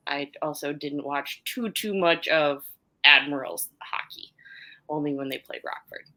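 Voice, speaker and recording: Bright-voiced woman podcast co-host. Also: on the low side. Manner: chatty, quick, trails off with ums. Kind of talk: casual hockey podcast chat. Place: hotel room.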